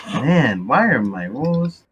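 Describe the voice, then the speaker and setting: A man's voice: mid-range voice, big pitch swings, slow, highs cut off, background noise. A man playing a tabletop game, joking and playful. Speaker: player. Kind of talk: casual game chat.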